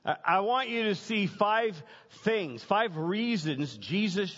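A man preaching a sermon as pastor, emphatic, building points through repetition and dramatic pauses. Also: sits high, animated, fairly bright tone. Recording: dull lo-fi sound with long hall reverb.

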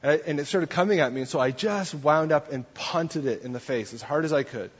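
A man's voice: fairly high pitch, fairly quick, breathy edge. Man preaching a chatty sermon in a hall. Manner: conversational, asks the audience questions. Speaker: pastor. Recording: dull long-reverb church hall.

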